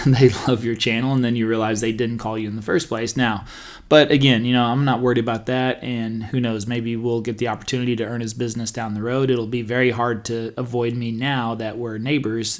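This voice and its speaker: A man hosts a podcast and chats in a loose, easygoing way, stopping and restarting as he tells a story. His voice sits at an ordinary middle pitch, and he fills pauses with little "uh"s and "you know"s. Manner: rambling, anecdotal, many fillers and restarts. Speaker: podcast host and real estate agent. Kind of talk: casual storytelling monologue.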